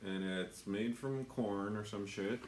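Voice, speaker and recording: A man's voice: on the low side, takes it slowly, a little mellow, echoey room, a little hiss or hum. A man from the United States, a tattoo artist, rambling and swearing as he shows supplies in his shop. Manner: rambling, self-deprecating, swears a lot. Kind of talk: casual product walkthrough.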